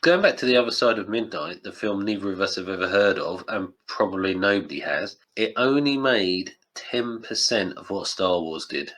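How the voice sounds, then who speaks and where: A man's voice: deep voice, expressive, normal speed, few pauses, a bit bright. A young man hosting a casual podcast chat, laughing often and slipping into mock quotes. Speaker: podcast host.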